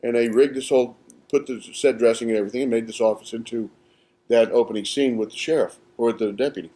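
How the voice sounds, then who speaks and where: A man, an actor guest, telling set stories with animated delivery and acting out quotes, recorded at a live podcast in a small theatre. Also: medium pitch, fast. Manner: animated, acts out quotes with laughter. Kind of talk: casual anecdotal storytelling.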